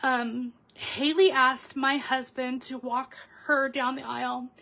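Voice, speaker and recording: A woman's voice: sits high, little pitch movement, slow pace, gravelly, sharp tone. A middle-aged woman hosting a casual crafting tutorial, chatty and openly emotional, with many ums and restarts. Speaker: papercraft video host.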